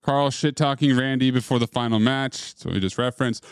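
A man's voice: medium pitch, smooth, dry recording, studio quality. A man co-hosting a film podcast in casual chat, reading out joke award categories. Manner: announces awards in a slow, showy way. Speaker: podcast co-host.

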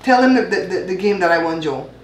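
Talking fast and animated in a lowish voice, a woman from Belize in her fifties runs her home cooking show, bantering and teasing with a playful laugh. The kitchen chat is casual, recorded in an echoey room with a little hiss or hum.

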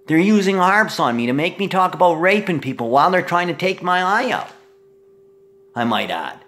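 A middle-aged man with a mid-range voice rambles through an agitated, profane monologue. He swings back and forth between shouting and muttering.

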